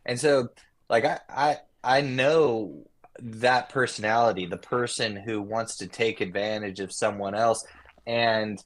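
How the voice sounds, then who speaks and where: A man with a lowish voice talks slowly through a memory, circling back and restarting as he finds his words. He speaks like a guest on a casual podcast, thoughtful rather than performative. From Nashville. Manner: reflective, rambling with many restarts. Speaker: guest musician.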